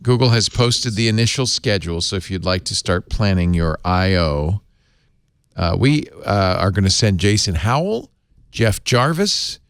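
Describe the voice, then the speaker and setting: Lively, laughing man hosting a tech show. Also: normal speed, clean tone, dry recording, clean studio sound. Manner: animated, laughing, jumps up in pitch when excited. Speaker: podcast host. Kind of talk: casual tech podcast chat.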